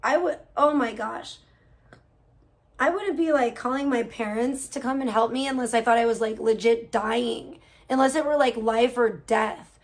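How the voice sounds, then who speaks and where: A woman's voice: on the high side, moderate pace. A woman hosting a casual livestream, gossiping and reacting to chat, swearing freely. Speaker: livestream host.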